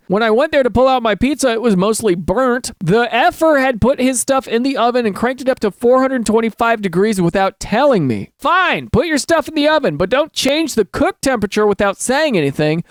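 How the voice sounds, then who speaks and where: An excitable male host reads online stories out loud and keeps cutting in with jokey, animated asides. His voice sits a bit high for a man and sounds dry and close, with no room around it. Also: no room sound. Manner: casual and jokey, calls listeners dude. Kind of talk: reading online stories aloud with casual commentary.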